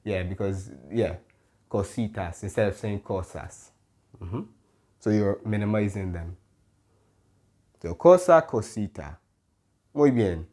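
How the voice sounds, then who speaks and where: With a lowish, mellow, animated voice, this man teaches a Spanish lesson, explaining rules patiently. He keeps asking "okay?", pausing and fixing his own wording mid-sentence.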